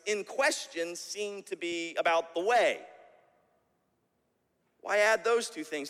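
A man's voice: high-pitched, pushed and bright, in a large hall. A man preaching a sermon as pastor, tagging his points with "right?" and often repeating words as he restarts.

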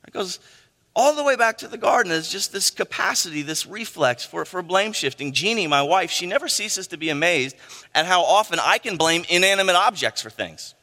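Middle-aged male pastor, very expressive sweeping delivery, tags lines with "right?", booming hall echo. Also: brisk. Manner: animated preaching, frequent "right?" asides, acts out quoted voices. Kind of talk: sermon. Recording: long hall reverb.

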